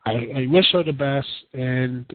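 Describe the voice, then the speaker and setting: A man's voice: medium pitch, a little slow, no echo. A man giving a casual, rambling rant as a wrestling reviewer, incredulous and full of restarts. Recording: tinny phone-like sound.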